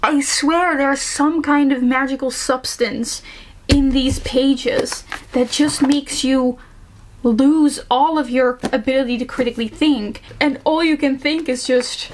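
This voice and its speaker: A woman's voice: high-pitched, fairly even intonation, measured pace, slight background noise. A woman reviewing books casually, reading excerpts aloud, gushing and self-mocking and often laughing. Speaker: book reviewer.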